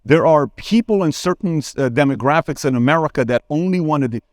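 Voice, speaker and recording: Brief: man in his 40s, conference speaker, animated storyteller, close and dry sound. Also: fairly quick, no echo. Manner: animated, acts out dialogue with sudden pitch jumps; addresses crowd directly, asks for a show of hands. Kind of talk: live Q&A on stage, storytelling. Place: conference hall stage.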